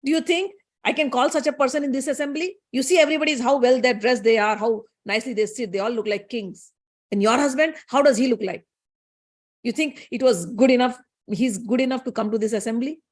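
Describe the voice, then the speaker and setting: A woman's voice: on the high side, a little fast, natural voice. A woman voicing a proud, angry father-king who scorns his son-in-law. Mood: scornful. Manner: indignant, scornful.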